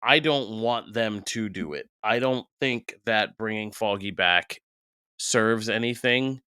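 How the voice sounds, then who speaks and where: A man with the hiccups, a guest critic talking casually on a podcast in an animated, wry way. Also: lowish voice, takes it slowly, clear, resonant tone, no echo, clean studio sound. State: has the hiccups.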